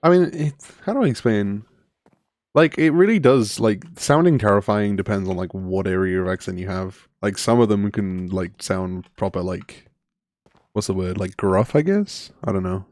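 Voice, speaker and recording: A man's voice: fairly low pitch, normal speed, darkish tone, no echo. A man in his twenties streaming a game, chatting casually, laughing often and rambling with lots of fillers. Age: 20s. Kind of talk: casual live-stream chat.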